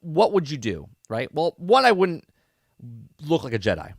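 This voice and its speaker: Podcast host, male, lively rambling review, keeps asking "okay? right?", dry close sound. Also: fairly high pitch, normal speed, gravelly, dry recording. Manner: sarcastic asides. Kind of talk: casual review commentary.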